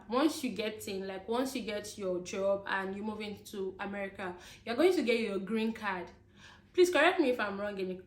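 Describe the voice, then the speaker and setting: A young woman vlogging in a casual rant, calling her viewers guys and laughing as she goes. Her voice sits slightly high. The room echoes noticeably around her. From Nigeria. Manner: chatty, laughing asides, addresses viewers as guys.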